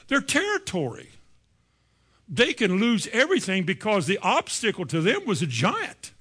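A male pastor preaching an animated, storytelling sermon in a church, often acting out the voices. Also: high voice.

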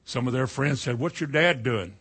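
Folksy preacher man, bright voice. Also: mid-range voice, moderate pace, breathy edge. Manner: folksy storytelling, swings from quiet to loud. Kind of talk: sermon.

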